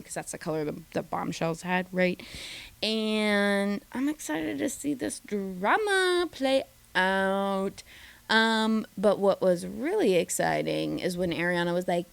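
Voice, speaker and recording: A woman recapping a reality dating show in a chatty, gossipy way, slipping into quick mimicked voices of the cast. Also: mid-range voice, animated, creaky. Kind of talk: casual recap commentary.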